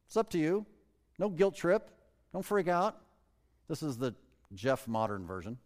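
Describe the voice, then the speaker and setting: A pastor preaching a conversational sermon, asking the congregation questions and reading scripture slowly before explaining it in plain words. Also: male voice, fairly high pitch, expressive, a little mellow, long reverb tail.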